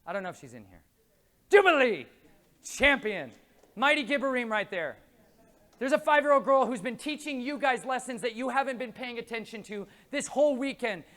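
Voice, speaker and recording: A man giving a lively, jokey faith talk at a conference, speaking to a live audience and telling stories. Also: very high-pitched, a little fast. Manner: lively, jokey, acts out quoted voices. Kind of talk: animated faith talk with storytelling.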